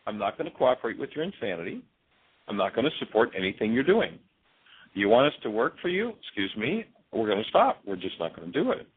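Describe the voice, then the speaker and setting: A man's voice: lowish voice, big pitch swings, fast talker, husky. A man retelling Gandhi's words in a firm, emphatic voice over a tinny phone line. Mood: defiant. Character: Gandhi as a calm, resolute male leader.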